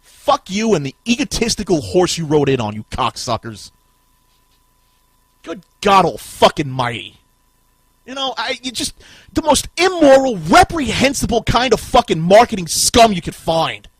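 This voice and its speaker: A man's voice: high-pitched, big pitch swings, normal speed, breathy edge, no echo. Furious, swearing male podcast host. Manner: furious, swearing, shouting bursts. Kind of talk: profane ranting podcast talk.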